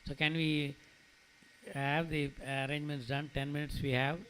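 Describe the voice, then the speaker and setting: A man's voice: on the high side, flat delivery, normal speed, a bit bright, slight background noise, rough recording. A middle-aged man with an Indian English accent, an eye doctor giving a loose, rambling talk to an audience at a clinic opening. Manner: rambling, conversational, stops to address people by name. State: emotional, near tears. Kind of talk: informal presentation to an audience. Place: event hall.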